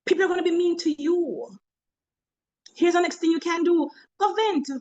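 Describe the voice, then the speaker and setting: A woman's voice: extremely high pitch, normal speed, darkish tone, lo-fi sound. A woman with a Jamaican accent, a motivational speaker in a webinar talk, humorous and preachy, telling stories from work.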